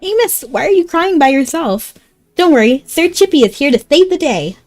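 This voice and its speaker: A woman's voice: sits high, very animated, moderate pace, a little mellow, dry recording, faint music behind, voice pushed up. A woman voicing a brave but easily scared male hamster knight who talks about himself in the third person. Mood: cheerful.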